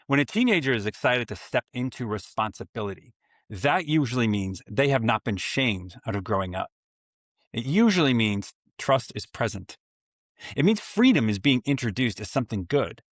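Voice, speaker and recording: A man's voice: medium pitch, expressive, normal speed, a bit bright, no echo, clean studio sound. Earnest father hosting a parenting podcast. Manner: earnest, reflective, with self-mocking asides. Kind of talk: solo podcast monologue.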